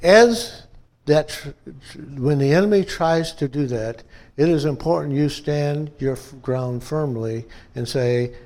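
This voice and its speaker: Preaching man, conversational and fairly high. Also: a little slow, darkish tone. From upstate New York. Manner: checks in often with "okay?" and "amen?". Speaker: pastor. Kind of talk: conversational sermon.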